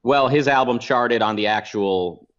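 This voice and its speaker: A comedian guest talking casually on a podcast, quick and joking, often trailing off mid-sentence. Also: male voice, mid-range voice, a bit bright. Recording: slightly dull lo-fi sound.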